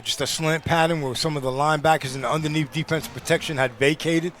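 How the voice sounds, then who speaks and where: A man giving football color commentary, explaining plays in a measured way with frequent "you know" fillers. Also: fairly high pitch, steady tone, a bit bright. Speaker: color analyst.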